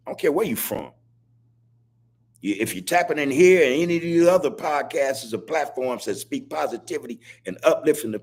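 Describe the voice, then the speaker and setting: A man hosting a live-stream podcast, preaching in casual street talk and repeating his points, with a husky voice. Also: mid-range voice. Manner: preachy, repetitive street talk, laughs as he speaks. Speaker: podcast host.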